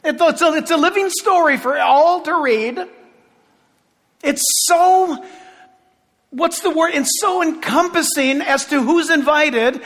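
High-voiced impassioned male preacher. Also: slow, big-room sound. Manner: impassioned, shouting at times, sarcastic asides. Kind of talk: sermon.

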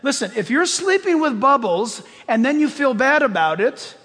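Animated male preacher, husky tone, sermon in a reverberant church hall. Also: very high-pitched, moderate pace. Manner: animated, swings from loud to hushed. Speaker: pastor.

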